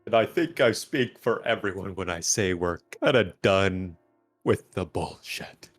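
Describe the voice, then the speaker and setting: Man, tabletop player, sarcastic joker, fairly low voice. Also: expressive, a little slow, soft background music. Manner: joking, sarcastic. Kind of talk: casual chat.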